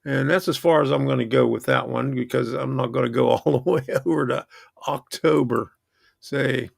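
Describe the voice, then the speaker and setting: A man's voice: mid-range voice, normal speed, creaky, no echo, studio quality. A man hosting a model train channel, chatting casually in a rambling, self-interrupting way. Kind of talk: casual livestream chat.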